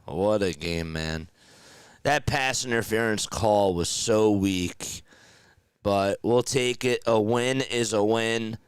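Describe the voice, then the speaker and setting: A man calls a football finish as a fan play-by-play caster. His voice is deep and hoarse from strain, and he speaks at an unhurried pace. He rises to loud, excited shouts on the big plays. The sound is dry and close. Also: dry recording. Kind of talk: live fan play-by-play call and sign-off chat.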